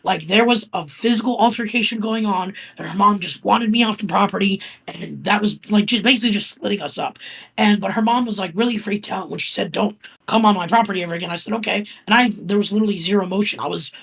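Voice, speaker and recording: Podcast guest: woman from Florida with a gravelly, husky voice, calm casual storyteller full of fillers. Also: mid-range voice, fast, rough recording. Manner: calm, even telling with many fillers.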